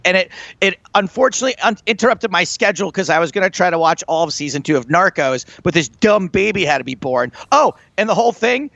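A man co-hosting a podcast, telling a long family story in casual chat, rambling and animated. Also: mid-range voice, no room sound, highs cut off. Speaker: podcast co-host.

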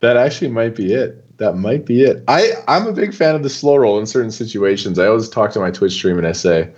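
A young man talks loosely as an interview guest, dropping casual fillers as he goes. His voice sits low. The recording is dull and lo-fi. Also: a little fast, breathy edge. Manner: animated, loose, full of fillers like "dude" and "like". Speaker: poker player guest.

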